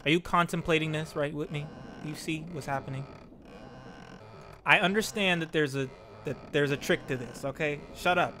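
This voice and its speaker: A man's voice: fairly high pitch, moderate pace, slight background noise. A young man giving casual commentary while streaming a climbing game, laughing and yelping as he plays. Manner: excitable, laughs and yelps at the game.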